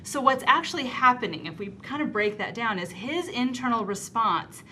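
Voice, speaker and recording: A woman talking as a guest on a talk show about parenting, lively, acting out soft soothing words to a child. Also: on the high side, moderate pace, slight background noise.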